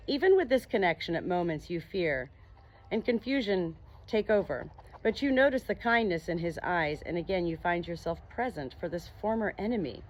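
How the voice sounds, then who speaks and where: A woman reading an audiobook aloud in a calm, measured way, addressing the listener as you. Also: on the low side. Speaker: audiobook reader. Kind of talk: audiobook narration.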